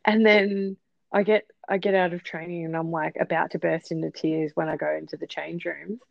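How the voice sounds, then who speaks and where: A woman co-hosting a podcast, telling stories in an animated way and acting out both sides of conversations. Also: fairly low pitch, moderate pace, gravelly, dry recording, muffled recording. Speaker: podcast co-host. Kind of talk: casual chat.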